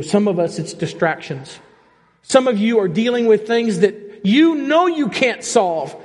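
A male pastor delivering an animated sermon, speaking straight to the congregation with frequent questions. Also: sits high. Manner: animated preaching, rising and falling, direct questions to the congregation. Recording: long reverb of a church hall.

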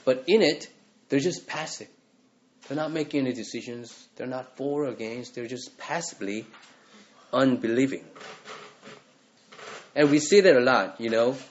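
Male pastor, earnest conversational sermon, middle pitch, slightly muffled lo-fi sound. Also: normal speed, long pauses, a little hiss or hum. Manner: earnest, conversational preaching with acted quotes.

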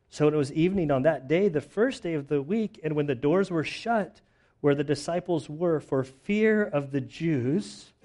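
A male pastor preaching verse by verse in a relaxed, conversational manner. His voice sits slightly higher than most men's, and he slips into dramatized voices for the people in the story. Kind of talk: expository sermon, reading and retelling scripture.

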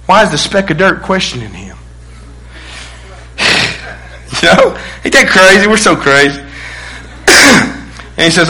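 A middle-aged male pastor preaching a sermon, animated, acting out quotes with bursts of shouting. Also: high voice, measured pace, long pauses, poor audio.

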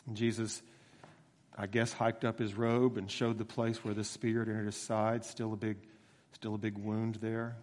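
A man preaching a sermon in a relaxed, conversational way, slowing down to stress key phrases. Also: lowish voice, big-room sound. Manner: conversational storytelling with emphatic slowed phrases.

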